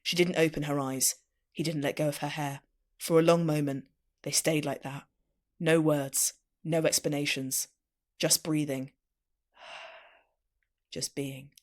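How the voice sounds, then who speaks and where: A woman co-host with a voice a little lower than most. She chats casually, swears and laughs a lot, then turns to reading romantic fan fiction aloud to her co-hosts. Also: steady tone, slow, pauses often. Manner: swears freely, laughs often while talking. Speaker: podcast co-host.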